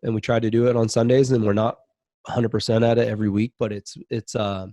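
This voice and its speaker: A man's voice: fairly low pitch, little pitch movement, fast talker, mellow, no room sound, studio quality. A man speaking as a podcast guest in a casual interview, earnest and reflective as he talks openly about his own life.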